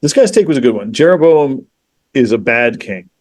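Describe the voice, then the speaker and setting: A man with an ordinary mid-range voice talks in relaxed podcast conversation. He retells a story with lively energy and casual swearing, leaning on fillers like "you know" and "like." He slips into the voices of the people in the story as he goes. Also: mid-range voice, moderate pace, no echo. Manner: animated, profane, acts out quoted characters. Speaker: podcast guest.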